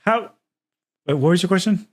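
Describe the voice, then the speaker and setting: A man's voice: high voice, moderate pace. A man in his thirties from Texas, hosting a casual podcast chat and telling stories with lots of swearing. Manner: profane, animated storyteller. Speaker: podcast host.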